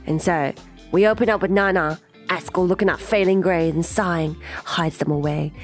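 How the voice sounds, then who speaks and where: A woman's voice: lowish voice, brisk. A young woman streamer animatedly retelling a music video's story in casual chat, stringing along with repeated "and then"s.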